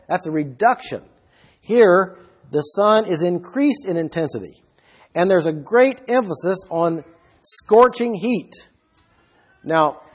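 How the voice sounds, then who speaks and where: A man's voice: high-pitched, slightly rough. A man teaching a Bible study lecture in an explanatory way, asking the listeners rhetorical questions.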